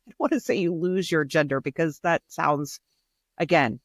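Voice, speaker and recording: A woman's voice: deep voice, moderate pace, no echo, studio quality. A woman hosting a podcast in casual chat, reflective and thinking aloud with plenty of hedging fillers. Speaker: podcast host.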